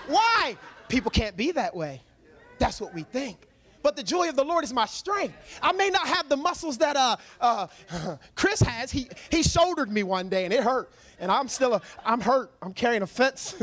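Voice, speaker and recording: A man delivers a short church sermon with real excitement, his voice sitting high and leaping all over the place. He laughs easily and keeps the energy up throughout. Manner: excitable, laughs often, quick and animated. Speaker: lay speaker giving a short church talk. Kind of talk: energetic testimony-style sermon.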